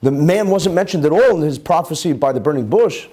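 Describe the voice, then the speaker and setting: Rabbi at the lectern for a live Torah class: a man with a high, very expressive voice who keeps asking the room questions. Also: brisk. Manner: animated, peppers talk with rhetorical questions and Hebrew terms. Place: live class with an audience present.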